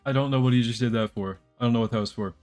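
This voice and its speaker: A man's voice: mid-range voice, racing, a little mellow. A young man streaming a game live, chatting casually to his viewers in a rambling, joking way. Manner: rambling, joking, talks to chat while playing. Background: faint background music.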